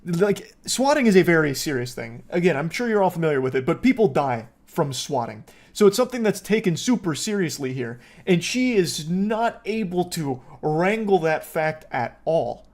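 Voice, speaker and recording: A man's voice: fairly high pitch, sing-song, moderate pace, few pauses. A man giving sarcastic, joking commentary on a video clip, swearing and laughing as he goes. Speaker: reaction commentator. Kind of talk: casual commentary.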